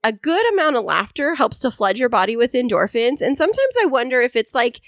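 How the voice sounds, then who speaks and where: Chatty higher-voiced woman co-host. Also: big pitch swings, a little fast, no room sound, clean studio sound. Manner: teasing, chatty. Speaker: podcast co-host. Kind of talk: casual chat. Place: home studio.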